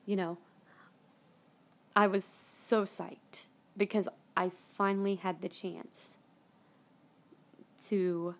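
A woman's voice: medium pitch, little pitch movement, slow pace, pauses often. A woman hosts her own podcast and tells a personal story in a loose, casual way, sometimes swearing. She gets emotional and close to tears, and her voice sinks to a whisper in the tender parts. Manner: emotional, near tears, whispering at soft moments. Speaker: podcast host.

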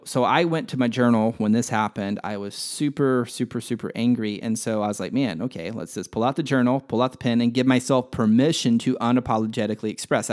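A man's voice: on the low side, darkish tone. A man hosting a spiritual podcast, teaching in a casual, candid way and swearing freely as he talks through a personal example. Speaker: podcast host.

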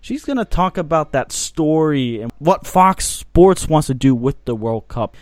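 A man's voice: on the high side, animated, unhurried, darkish tone, no echo. A man from the United States hosting a soccer podcast in casual chat, teasing his co-hosts and laughing often. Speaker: podcast host.

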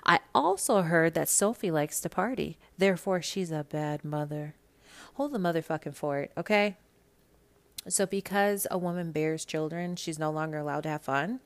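A Minnesota woman hosts a gossip podcast as a loose, casual monologue, speaking at a moderate pace in a low voice full of vocal fry. She's blunt and sassy, swearing freely.

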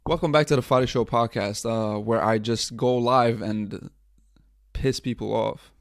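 A man's voice: medium pitch, steady tone, measured pace, no echo, studio quality. A young man hosting his own podcast over a livestream, talking casually, swearing and mocking himself. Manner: frustrated, profane, self-mocking. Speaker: podcast host.

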